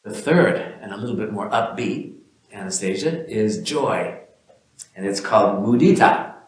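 A man teaching an informal spiritual talk in a gentle, musing way, speaking to listeners by name. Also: lowish voice, lively intonation, a little slow, very echoey, low-quality recording.

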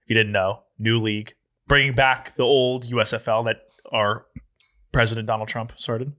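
A man's voice: mid-range voice, flat delivery, moderate pace, sharp tone. A young man hosting a podcast in casual chat. He laughs often and tells stories loosely. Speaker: podcast host.

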